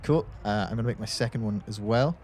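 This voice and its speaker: A man playing a tabletop game, quick and chatty. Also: lowish voice, noisy background. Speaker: player. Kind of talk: casual tabletop play.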